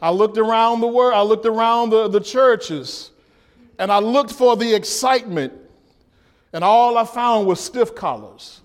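Male pastor, high voice, delivers a sermon with repetition and shouted peaks. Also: measured pace. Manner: preaching, repeats key lines, rises to shouts, call-and-response questions.

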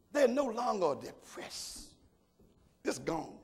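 Older male pastor, high gravelly preaching voice, shouts and murmurs, calls out to the congregation. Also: sing-song, a little slow. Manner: call-and-response asides to the congregation. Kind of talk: sermon.

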